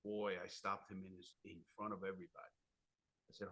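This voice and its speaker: A man's voice: low voice, little pitch movement, fast talker, creaky, a bit bright. A man hosting a podcast, talking in a blunt, fired-up way and swearing freely. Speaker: podcast host. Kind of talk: casual chat.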